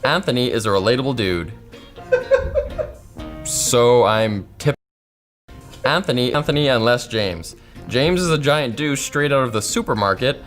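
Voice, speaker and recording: A man's voice: mid-range voice, lively intonation, brisk, a bit bright, soft background music. A man reading viewer comments aloud and answering them with dry sarcasm. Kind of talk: casual reading aloud with reactions.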